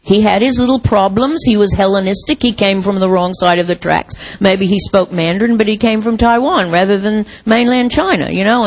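A woman's voice: mid-range voice, gravelly, rough recording. A woman preaching a sermon in a reflective, conversational way, asking the congregation rhetorical questions.

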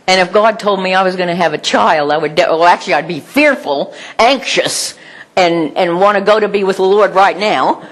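An older woman preaching a sermon to a congregation, animated and often laughing, asking rhetorical questions. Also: fairly low pitch, moderate pace. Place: church hall with congregation.

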